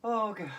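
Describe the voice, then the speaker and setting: A woman's voice: on the low side, slightly rough. A woman hosting a playful yoga routine, giggling and laughing through the poses. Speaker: yoga video host.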